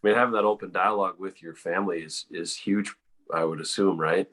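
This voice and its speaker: Deep-voiced male host, rambling. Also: steady tone, a little fast, a bit bright. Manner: rambling, hedging, restarts. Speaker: podcast host. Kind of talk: casual chat.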